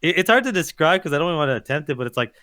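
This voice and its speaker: Quick-talking man, matter-of-fact. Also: on the high side, sing-song, pushed and bright. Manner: matter-of-fact, plugging events. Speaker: podcast co-host. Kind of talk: casual live-stream chat.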